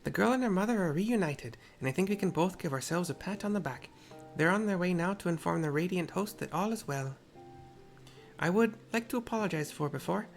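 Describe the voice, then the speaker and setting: A gamer voicing an earnest young woman warrior who blames herself, in a put-on mixed accent, reading her lines measured and serious. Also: lowish voice, animated, faint music behind, pitched above the performer's own voice.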